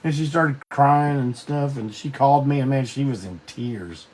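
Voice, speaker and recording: A middle-aged man, hosting a live online show and telling stories casually, salty and quick to laugh. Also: medium pitch, a little mellow. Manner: laid-back Southern drawl, salty, laughs often. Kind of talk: casual storytelling to a live audience. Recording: distant mic with faint background noise.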